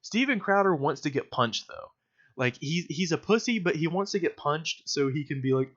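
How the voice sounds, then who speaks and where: A man's voice: on the high side, expressive, moderate pace, a bit bright. A young man giving casual, sarcastic video commentary, mocking his target with lots of fillers. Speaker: political commentator. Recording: dull lo-fi recording.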